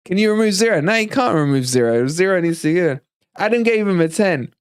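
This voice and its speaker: A man hosting a fan live stream, chatting casually, animated and teasing, with frequent laughs. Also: sits high, brisk, clean tone, no echo, studio quality. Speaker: fan channel livestream host.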